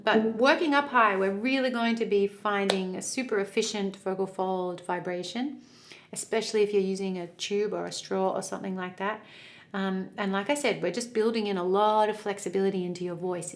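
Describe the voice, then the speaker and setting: A woman's voice: mid-range voice, steady tone, fairly quick. A woman who sings soprano, coaching vocal exercises in an encouraging, easygoing way. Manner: encouraging, loose instructional talk with fillers. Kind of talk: guided vocal exercise lesson.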